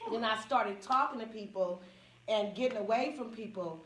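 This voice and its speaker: A woman with a slightly high, fairly bright voice talks at normal speed amid slight background noise. Comedian and support group speaker, she has a Northern California accent and frankly shares a personal story with a small group, laughing often and mimicking others, heard from a distance in an echoey room.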